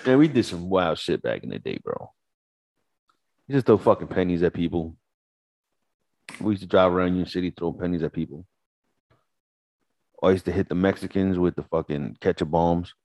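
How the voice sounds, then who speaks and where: A man in his forties co-hosts a podcast, spinning loose, profane stories with plenty of swearing. His low voice swings widely up and down as he acts out the people in each tale. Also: lively intonation, normal speed, pauses often, a little mellow, dry recording. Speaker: podcast co-host. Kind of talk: casual storytelling chat.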